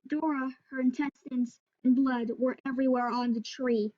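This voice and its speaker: A woman's voice: sits high, steady tone, normal speed. A woman retelling a creepypasta in a casual, rambling way, often correcting herself. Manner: rambling, with restarts and self-corrections. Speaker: storyteller. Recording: dull lo-fi recording.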